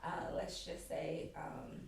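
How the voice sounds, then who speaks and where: A woman speaking as a podcast guest, candidly telling her own personal story in a casual way. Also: slow. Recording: echoey room, far from the mic, faint background noise.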